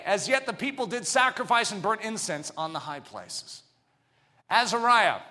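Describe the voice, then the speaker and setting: Bright, forceful man delivering a sermon, pitched high with his voice leaping all over the place. He lurches from hushed, almost whispered lines to loud shouts, and his words ring out with the long reverb of a large church. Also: very animated, moderate pace. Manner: dramatic, swings from near whispers to shouts. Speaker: pastor.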